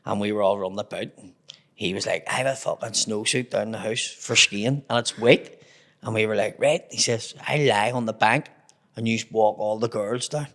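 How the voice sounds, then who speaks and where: Belfast man, gravelly and low, cheerful sweary yarn-spinner for a chat podcast. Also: moderate pace, fairly bright tone. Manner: swears constantly, acts out voices in anecdotes. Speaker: comedian guest. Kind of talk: casual storytelling chat.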